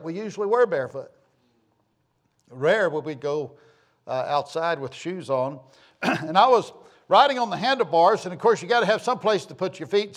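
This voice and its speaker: Folksy middle-aged man telling a story. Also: on the high side. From southern United States. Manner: rambling, homespun, self-deprecating humor.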